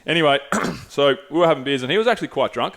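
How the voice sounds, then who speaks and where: A loud, boisterous man with an Australian accent, telling stories animatedly in a casual podcast chat as host. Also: a little high, fast talker, gravelly. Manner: boisterous, animated storyteller who swears. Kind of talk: casual conversation.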